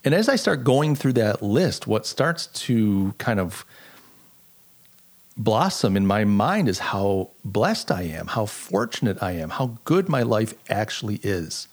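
A man's voice: on the low side, big pitch swings, a little slow. A middle-aged man hosting a solo podcast, talking in an earnest, reflective way and telling stories with frequent restarts. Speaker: podcast host. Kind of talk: casual solo podcast monologue.

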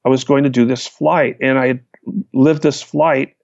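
A man, a hang glider pilot, recounting his flights in a lively storytelling manner. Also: medium pitch, normal speed, vocal fry, dry recording. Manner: animated, vivid retelling with restarts. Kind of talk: storytelling in a conversation. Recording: dull, lo-fi, dry sound.

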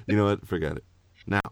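A man's voice: sits low, gravelly, clean tone, no room sound, studio quality. A man hosting a casual movie podcast, teasing his co-host and joking, saying he is loaded. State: says he is intoxicated.

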